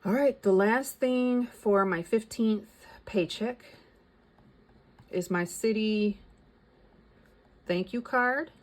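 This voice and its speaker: A woman's voice: mid-range voice, slow pace, darkish tone. A middle-aged woman chatting casually as a vlogger, thinking aloud and reading out figures. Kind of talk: casual chat.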